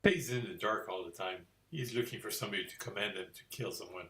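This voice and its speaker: A man performing in an improv comedy scene, offering dry, halting suggestions. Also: on the low side, fairly bright tone.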